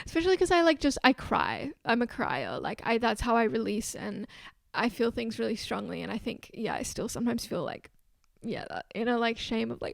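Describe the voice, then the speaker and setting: Rambling young woman with a gravelly voice. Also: a little high, normal speed, dry recording, studio quality. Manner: rambling, fills with "like" constantly; earnest, emotionally open. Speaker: vlogger. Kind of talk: casual confessional talk to camera.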